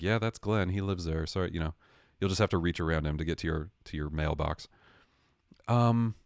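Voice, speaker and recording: Deep-voiced man ranting sarcastically. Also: no echo, studio quality. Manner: rambling, sarcastic, swearing, lively impressions of others. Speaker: livestream host. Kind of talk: casual comedic rant.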